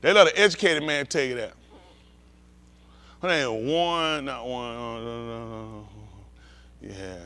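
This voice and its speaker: A man's voice: medium pitch, a little slow, long pauses, pushed and bright, clear, resonant tone. A male pastor preaching bluntly and profanely, heated and confrontational, acting out scenes with volunteers from the congregation.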